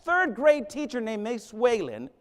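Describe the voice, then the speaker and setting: Animated middle-aged man rallying a hall. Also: very high-pitched, unhurried. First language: Spanish. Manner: animated, rallying the crowd, storytelling. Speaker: school leader, conference keynote speaker. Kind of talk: keynote speech. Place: large conference hall. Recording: echoing hall reverb.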